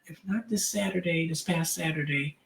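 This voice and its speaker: Grieving woman host. Heartfelt personal talk, halting, lots of repeated words and ums. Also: low voice, vocal fry. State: grieving, emotional. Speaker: podcast host.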